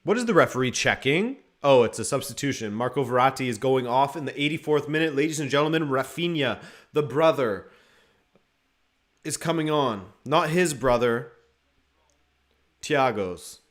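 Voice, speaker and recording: A man's voice: medium pitch, animated, normal speed. A man hosting a live football watchalong, giving casual, joking commentary and reading viewer comments aloud. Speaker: watchalong host.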